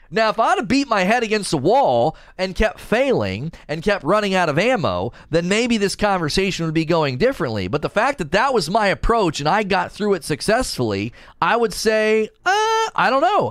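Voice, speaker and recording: Animated man debating games. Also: a little high, no echo. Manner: animated, rambling, defensive. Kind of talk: casual argumentative chat.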